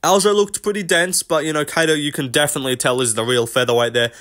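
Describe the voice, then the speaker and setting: A man giving casual, rambling reaction commentary on a fight press conference, blunt and quick to swear. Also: fairly high pitch, steady tone, fairly bright tone. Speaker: MMA commentary host.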